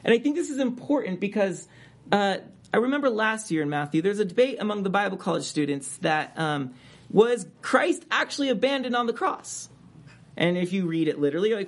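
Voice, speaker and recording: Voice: medium pitch, lively intonation, a little fast, a bit bright. A preacher giving a conversational expository sermon, stressing key words with sudden rises.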